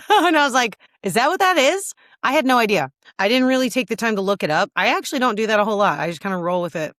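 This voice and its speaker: A woman podcast host talks candidly in a casual solo check-in, full of "like" and "um". She sounds a little teary. Her mid-pitched voice is close-miked and dry. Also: expressive, quick pace, fairly bright tone, dry recording. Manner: chatty and candid, lots of "like" and "um".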